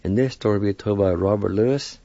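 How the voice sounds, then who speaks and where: A man hosting a program, introducing the next storyteller in a friendly, measured way. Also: lowish voice, mellow, muffled recording. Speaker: program host. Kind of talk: announcing a story segment.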